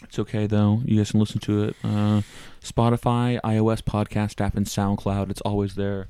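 Deadpan, profane comedy podcast host, male, lowish voice. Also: moderate pace, clear, resonant tone, no room sound. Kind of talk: casual comedy chat.

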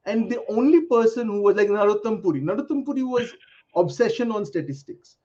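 A middle-aged man, a podcast panel guest who talks in a measured, reflective way and lays out his points one by one. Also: high-pitched, lively intonation, dark tone. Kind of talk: casual panel chat. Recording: dull lo-fi sound.

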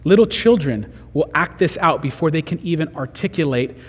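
Husky preacher in a reverberant hall. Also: male voice, on the high side, lively intonation, normal speed. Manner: earnest, conversational preaching with rising emphasis. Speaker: pastor. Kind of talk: sermon.

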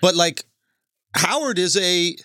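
A man co-hosting a casual podcast, trading quick, joking banter. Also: high-pitched, animated, sharp tone, dry recording, clean studio sound. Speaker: podcast co-host.

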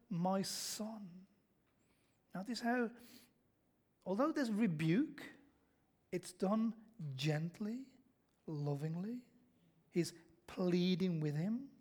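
High-voiced preacher. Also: male voice, a little mellow. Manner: storytelling, asks the congregation questions and answers them. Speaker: pastor. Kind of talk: sermon. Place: church.

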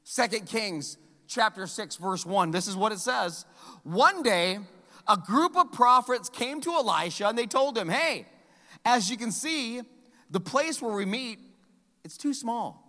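A middle-aged man preaching a sermon as pastor, telling a story with animated delivery and acted-out voices. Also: high-pitched, measured pace. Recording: hall reverb.

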